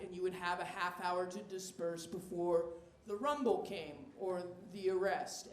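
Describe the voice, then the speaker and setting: A woman doing a stand-up set on a club stage, cursing freely and swinging between loud rants and hushed asides. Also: medium pitch, slight background noise. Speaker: stand-up comedian. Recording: echoey club room.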